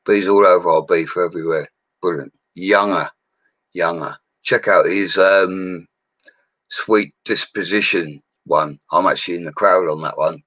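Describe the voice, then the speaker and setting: A drunk, deep-voiced bloke, a bricklayer, livestreams to viewers alone from a small room at home through his laptop microphone. He slurs and rambles in loud, laddish casual chat, laughing often, and speaks unhurriedly with no echo.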